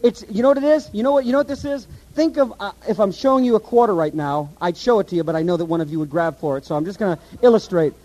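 High-voiced guy preaching, lively, keeps asking the crowd stuff. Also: fast talker, few pauses, poor audio. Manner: animated, asks the audience questions. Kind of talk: sermon, Bible teaching.

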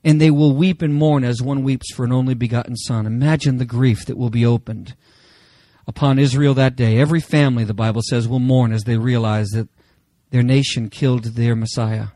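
A man's voice: medium pitch, fairly even intonation, fairly quick, mellow, no echo. A man preaching a sermon as pastor, emphatic and full of rhetorical questions to the congregation. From Germany.

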